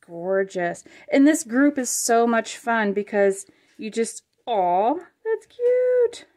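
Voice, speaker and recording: A woman hosting a casual crafting vlog, unboxing supplies with chatty, gushing excitement and frequent fillers. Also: medium pitch, slow pace. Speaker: craft channel host.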